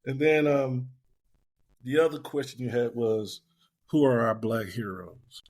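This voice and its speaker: A man's voice: mid-range voice, fairly even intonation, unhurried, darkish tone. An older man speaking as a guest on a podcast panel, reflective and plain-spoken, calling himself a pessimist. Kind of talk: panel discussion.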